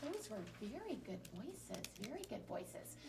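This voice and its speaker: Woman, teacher, phonics lesson, patient, encouraging, gravelly voice, distant mic. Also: fairly high pitch, sing-song, a little slow, mellow. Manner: patient, encouraging, clearly modeling sounds. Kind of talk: small-group phonics lesson. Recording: distant mic with faint noise.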